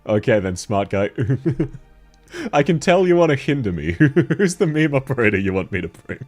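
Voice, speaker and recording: A man with a deep timbre chatting casually and jokily while streaming a game, laughing often. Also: very animated, moderate pace, darkish tone, soft background music. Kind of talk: casual gaming stream chat.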